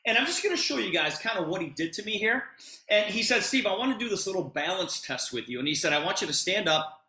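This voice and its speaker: A middle-aged man retelling a conversation to an audience with lots of expressive emphasis. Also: sits high, quick pace, roomy sound. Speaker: presenter telling a personal story. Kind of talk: animated storytelling to an audience.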